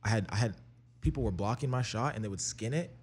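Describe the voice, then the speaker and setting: A young man tells his story as a guest in a relaxed interview. His voice sits on the low side and the words tumble out quickly. He talks with energy and swears freely. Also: slight background noise. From Canada. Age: young adult. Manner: fast, energetic, profane storytelling. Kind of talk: casual storytelling.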